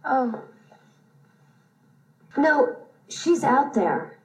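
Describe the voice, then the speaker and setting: An actress playing a newly divorced woman in a TV series, speaking haltingly and vulnerably about losing hope in love. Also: high voice, big pitch swings, full character voice, poor audio. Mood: firm. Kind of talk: TV series acting.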